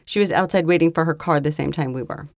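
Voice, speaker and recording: Chatty woman with a lowish voice. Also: fast, creaky, no room sound, studio quality. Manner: chatty, animated storyteller. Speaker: podcast co-host. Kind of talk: casual chat.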